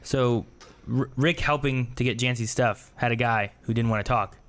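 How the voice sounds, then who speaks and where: A man's voice: mid-range voice, steady tone, moderate pace, fairly bright tone. A man co-hosting a podcast, chiming in with quips and memories in casual chat. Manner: chimes in with short quips and memories. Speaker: podcast co-host.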